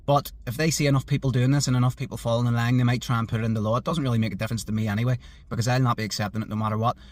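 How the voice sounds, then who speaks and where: A man's voice: medium pitch, fairly even intonation, very fast, dry recording. A man making an earnest, urgent appeal to his viewers, pleading with frequent fillers. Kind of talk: earnest social media appeal.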